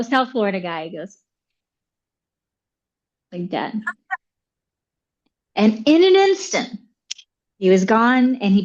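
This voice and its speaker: Woman guest on a podcast, mid pitch, lots of "like" and "you know", kinda muffled audio. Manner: animated, uses many fillers like "like" and "you know". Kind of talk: personal storytelling in conversation.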